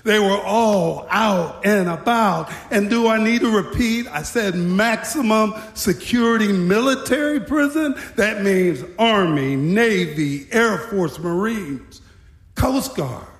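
A man's voice: high-pitched, animated, takes it slowly. A man telling a wry, dramatic story about his time as a prison guard. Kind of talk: storytelling talk. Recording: echoey hall.

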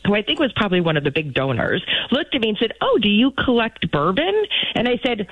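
A woman's voice: medium pitch, fast, no echo. A woman co-hosting a talk show, telling stories in casual banter with playful laughter. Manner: playful, laughing, animated storyteller. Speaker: producer and co-host. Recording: tinny phone-line sound, dry.

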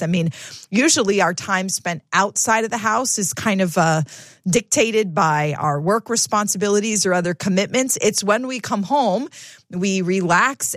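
A woman's voice: medium pitch, dry recording, studio quality. A woman hosting a radio talk show, introducing and questioning her guest in a thoughtful, conversational way. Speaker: radio host. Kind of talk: radio interview. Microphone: studio microphone.

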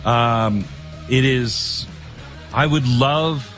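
A man's voice: medium pitch, drawn-out words, fairly bright tone, faint music behind. Rambling talk radio host, man. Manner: conversational, rambling, self-interrupting. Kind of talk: talk radio monologue with live ad read.

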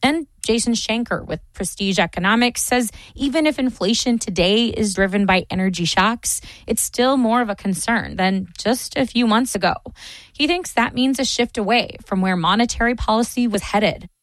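A woman reporting for radio news, reading a scripted economics story in a measured, clear way. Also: fairly high pitch. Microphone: studio mic.

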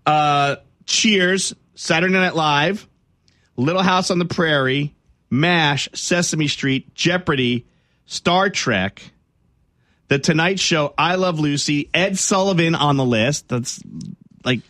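Bright-voiced chatty radio host man. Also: a little high, slow pace, no echo, studio quality. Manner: chatty, laughs easily, rambling asides. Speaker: radio morning show host. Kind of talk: casual radio banter. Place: dry radio studio.

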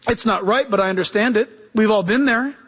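High-voiced man preaching fervently. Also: a little fast, fairly bright tone, slightly rough. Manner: fervent preaching, exclamations, quoting scripture. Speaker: pastor. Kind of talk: sermon.

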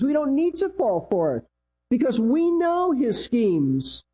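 Male pastor, emphatic sermon delivery, husky and mellow, repeats for emphasis. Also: huge pitch swings, slow, poor audio. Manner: emphatic preaching, repeats key lines, pitch swings.

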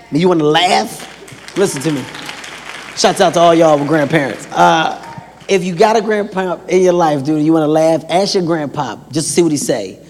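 A man doing stand-up comedy in an animated, conversational way. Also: on the high side. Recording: stage in a hall with crowd.

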